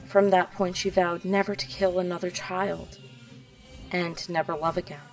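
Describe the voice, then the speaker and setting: A woman reading the lines of a proud, guarded pregnant elven princess, measured and bitter. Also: lowish voice, little pitch movement, distant mic, soft background music, close to an everyday voice, low-quality recording.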